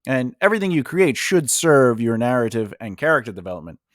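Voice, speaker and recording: A man's voice: mid-range voice, very animated, a little fast, dry recording, clean studio sound. A man from New York with a New York accent, hosting a casual writing lesson and rambling with lots of fillers. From Long Island and Brooklyn, New York. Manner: rambling, filler-heavy, conversational. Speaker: writing coach host. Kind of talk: casual teaching monologue.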